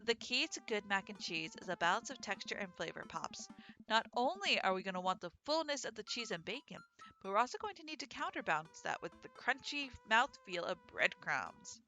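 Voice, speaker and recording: A woman's voice: mid-range voice, sing-song, fairly quick, pushed and bright, faint music behind. A woman voicing a playful teenage daughter in a game, chatty and teasing.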